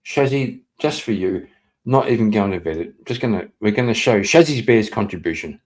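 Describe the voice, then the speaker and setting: This man talks casually on a live stream, going through viewer messages at a moderate pace in a lowish voice. Rambling and profane, he laughs frequently and suddenly gets loud and excited.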